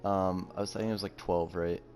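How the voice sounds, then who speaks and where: A teenage boy hosting a casual podcast, telling stories in a rambling, halting way with lots of fillers. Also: sits low, fairly even intonation, darkish tone, soft background music. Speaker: podcast host. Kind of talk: casual chat.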